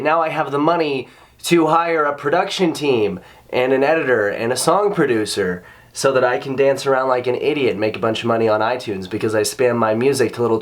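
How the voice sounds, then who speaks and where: A man hosting a reaction video, ranting in sarcastic, exasperated commentary full of swearing. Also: mid-range voice.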